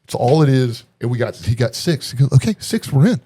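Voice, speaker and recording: A man telling a story in casual podcast chat, lively and animated, slipping into the voices of the people he quotes. His pitch sits in an ordinary middle range, and he laughs often as he talks. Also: fast, breathy edge. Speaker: podcast guest.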